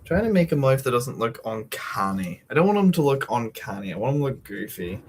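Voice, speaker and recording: A man's voice: mid-range voice, very animated, brisk, a little hiss or hum. Young man rambling while drawing. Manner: meandering, swears casually, many fillers. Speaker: streamer drawing a comic.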